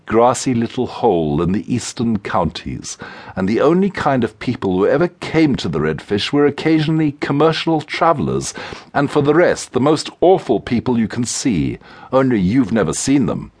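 A male audiobook narrator voicing a spirited, impatient young woman who speaks briskly and with exasperation. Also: medium pitch, big pitch swings, darkish tone. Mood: earnest. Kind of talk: audiobook character reading.

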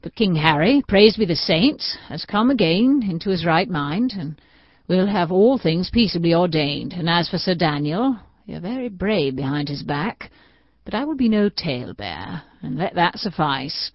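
A woman's voice: on the low side, big pitch swings, moderate pace, dry recording. A woman voicing an earnest young man who speaks with formal reproof, in an audiobook. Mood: stern. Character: young man, earnest ward, loyal and stiff. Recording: dull, dry audiobook recording.

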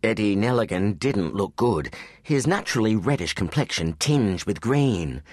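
A man's voice: on the low side, very animated, moderate pace, darkish tone, no echo. A man narrating an action story for teens as an audiobook reader, telling it expressively. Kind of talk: scripted narration. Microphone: close studio mic.

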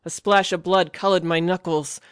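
A man's voice: high voice, fairly even intonation, moderate pace, fairly bright tone, smooth, dry recording, clean studio sound. A man reading a first-person fantasy audiobook in a tense, vivid storytelling manner. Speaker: audiobook narrator.

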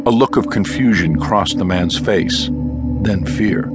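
A man narrating a thriller audiobook in a measured, expressive reading. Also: deep voice, over loud music. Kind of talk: scripted narration.

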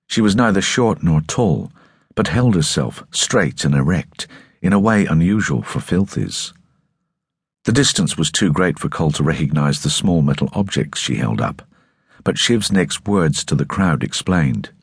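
A man narrates an audiobook in a deep, husky voice, close and dry on a studio microphone. His storytelling is measured and expressive, with pitch that moves a lot. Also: no room sound. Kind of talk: scripted narration.

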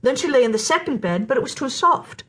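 A woman narrating a children's storybook in an animated, playful way, sometimes dropping to a whisper for suspense. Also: high-pitched, fast, breathy edge. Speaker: storyteller host.

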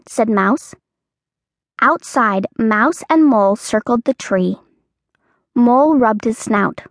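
Woman with a lively storybook voice. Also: a little high, slow pace, pauses often, no room sound, studio quality. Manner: clear, expressive storytelling. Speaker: audiobook narrator. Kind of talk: scripted children's audiobook narration.

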